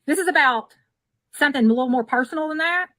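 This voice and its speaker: A woman giving an earnest, confiding sales pitch, played back sped up at one and a half speed. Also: fast talker, pushed and bright, no echo. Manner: earnest, confiding, keeps saying okay. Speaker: product seller.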